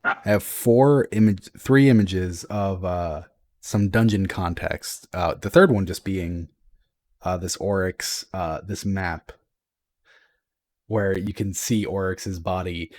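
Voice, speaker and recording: A man's voice: deep voice, takes it slowly, dry recording. A man co-hosting a casual podcast about a video game's lore, talking in loose, rambling chat with lots of restarts. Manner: rambling, many restarts, excitable swearing when animated. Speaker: podcast co-host.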